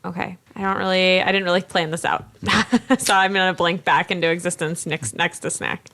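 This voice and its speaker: A woman's voice: lowish voice, fairly even intonation, moderate pace, bright, forceful tone. A woman playing in a tabletop role-playing game, speaking hesitantly with frequent fillers. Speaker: player.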